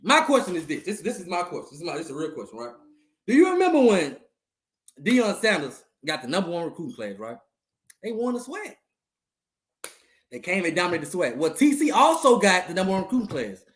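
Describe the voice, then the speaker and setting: A man with a high, lively voice loudly gloats over a rival team's loss on his live stream. He keeps repeating his jabs and cuts them with laughter and whoops. The sound comes from a roomy, echoey space. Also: a little fast. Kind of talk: trash-talking sports live stream.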